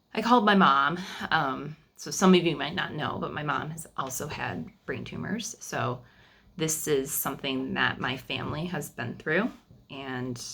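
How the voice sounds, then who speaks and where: Low husky emotional woman in her thirties. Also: sharp tone. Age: 30s. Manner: emotional, halting, repeats phrases. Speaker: vlogger sharing family news. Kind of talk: personal video diary.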